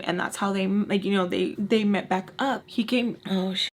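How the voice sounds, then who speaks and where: A young adult woman telling a personal story to her viewers, animated and emphatic, swearing freely. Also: mid-range voice, normal speed, hardly any pauses. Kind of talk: casual storytime.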